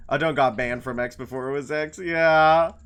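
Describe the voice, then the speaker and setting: A man's voice: mid-range voice, fairly even intonation, a little fast, a bit bright. A man casually chatting while streaming a video game, rambling and playful, slipping into silly voices. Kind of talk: casual gameplay commentary.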